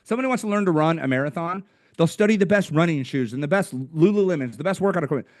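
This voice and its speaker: A young American man, a podcast guest, telling stories in a slangy, energetic, casual way. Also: fairly high pitch, quick pace, dry recording, studio quality. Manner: energetic, slangy storyteller, says "dude" a lot. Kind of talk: casual interview chat.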